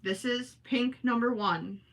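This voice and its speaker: Her voice is a little high and fairly bright, and she talks a little slowly. She's a livestream host with a Minnesotan accent, chatting with viewers from home, reading their comments, and frequently apologizing in a self-deprecating tone.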